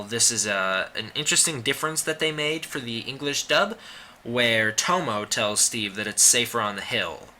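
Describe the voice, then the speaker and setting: A man's voice: fairly low pitch, pushed and bright, slight background noise. A young man giving a casual spoken movie review, rambling with frequent restarts and fillers.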